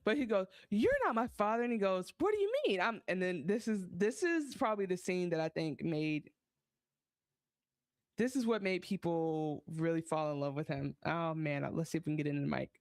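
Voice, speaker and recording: A woman's voice: lowish voice, moderate pace, no room sound, studio quality. Woman animatedly recapping a show. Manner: animated retelling with acted-out quotes and laughs. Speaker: podcast co-host. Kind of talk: casual recap chat.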